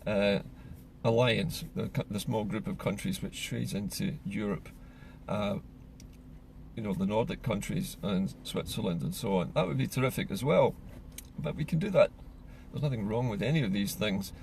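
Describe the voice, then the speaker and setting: A man from Scotland giving an earnest, measured solo monologue as a political commentator. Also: fairly low pitch, vocal fry, darkish tone, slight background noise.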